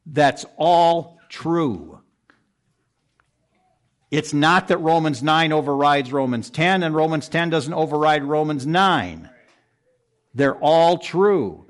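A man preaching an expository sermon to a congregation in a room, earnest and pressing, jumping up for emphasis and dropping low and quiet at the ends of verses. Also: animated, takes it slowly, long pauses. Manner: earnest, pressing, rises sharply for emphasis then drops low. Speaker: pastor.

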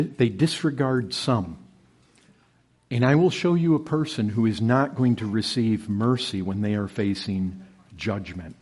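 A man preaching an expository sermon, swinging from loud emphatic peaks to low hushed lines and often calling out "brethren". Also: slightly rough.

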